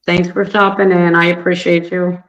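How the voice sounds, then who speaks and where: A man hosting a casual livestream, hoarse from allergies, friendly and greeting viewers by name. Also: high-pitched, flat delivery, normal speed, fairly bright tone, lo-fi sound. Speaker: livestream host.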